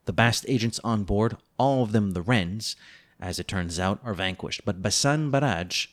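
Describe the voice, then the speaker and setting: At normal speed and with a voice on the low side, a book-review podcast co-host reads a plot summary, breaking in with playful asides that are teasing and mock-dramatic.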